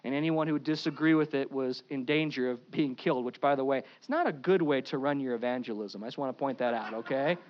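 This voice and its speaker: A pastor preaching an Easter sermon, with animated swings between loud emphasis and quiet asides. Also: male voice, medium pitch, quick pace, few pauses, lo-fi sound.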